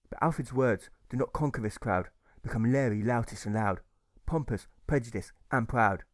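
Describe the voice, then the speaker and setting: A man's voice: medium pitch, normal speed, no echo. Male author-narrator, rhythmic rhyming audiobook read, dry close sound. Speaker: author reading his own novel.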